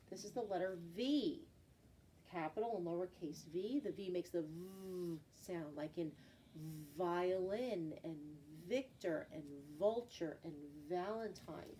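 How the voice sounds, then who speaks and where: A patient woman leads a children's phonics lesson, drawing out each example word slowly. Her voice is mellow and soft, picked up from a little way off the mic. A faint hiss sits underneath. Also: lowish voice. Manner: slow, patient, drawn-out example words. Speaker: teacher. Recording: voice from a distance, faint background noise.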